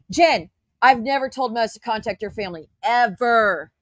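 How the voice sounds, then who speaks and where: Defending herself in a heated reaction rant, a woman YouTube commentator swears and hurls rhetorical questions. Her voice is a little high and moderately paced, recorded with no echo.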